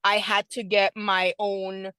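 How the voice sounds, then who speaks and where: A middle-aged woman, a food business owner, telling her story as an interview guest in an excited, animated way, acting out the conversations she recalls. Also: mid-range voice, takes it slowly, smooth, no echo.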